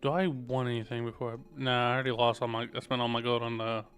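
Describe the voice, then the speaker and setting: A man's voice: medium pitch, little pitch movement, fast, fairly bright tone, faint music behind. A man giving casual gameplay commentary as a streamer, chatty and self-deprecating, with muttered asides.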